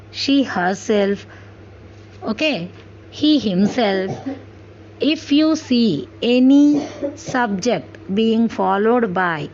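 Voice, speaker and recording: Slow, careful woman teaching grammar. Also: medium pitch, creaky, darkish tone. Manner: slow, careful explaining with repeated check-ins. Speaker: English teacher. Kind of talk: classroom grammar lesson. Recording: dull lo-fi sound with faint hiss.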